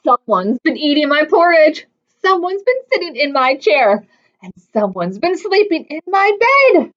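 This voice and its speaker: A woman voicing a demanding baby bear in a read-aloud storybook, in a high, shrill voice, on a dull, lo-fi recording. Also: sing-song, unhurried, fairly bright tone, heavily acted. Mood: indignant.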